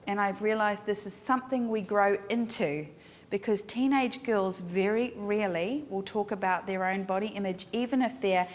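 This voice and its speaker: A woman's voice: mid-range voice, moderate pace. A middle-aged woman photographer teaching a workshop in her studio, speaking frankly and emphatically. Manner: frank, emphatic, animated storyteller. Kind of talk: instructional talk to a class. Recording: long hall reverb with faint noise.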